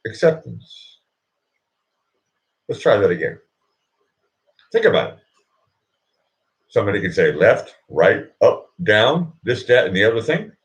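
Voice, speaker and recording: A man's voice: mid-range voice, lo-fi sound. A man hosting his own live show, talking in a rambling comic monologue that keeps looping back on itself and restarting. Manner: rambling, keeps repeating "look", stops and restarts.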